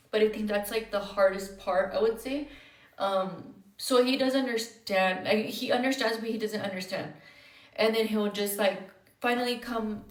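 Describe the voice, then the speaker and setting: A woman's voice: medium pitch, distant mic. A young woman livestreaming with viewers, talking candidly and close to tears, blunt and profane, with Spanish words mixed into her speech and lots of fillers. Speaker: livestreamer answering viewer comments. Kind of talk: candid emotional livestream chat. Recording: roomy sound, away from the mic.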